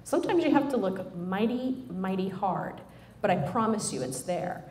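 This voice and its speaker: A middle-aged woman gives a lively, joking motivational talk, speaking straight to her audience. Her voice sits at an ordinary pitch and carries around a roomy hall. A faint hiss runs underneath. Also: moderate pace. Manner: animated, joking, addresses the audience directly. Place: room with a live audience.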